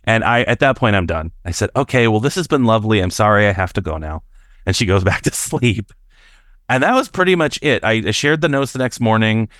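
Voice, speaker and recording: Low-voiced man telling a story. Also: no room sound, studio quality. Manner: animated, jumps up in pitch to act out quoted voices; halting, with restarts and fillers. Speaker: caller sharing a personal experience. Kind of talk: casual storytelling.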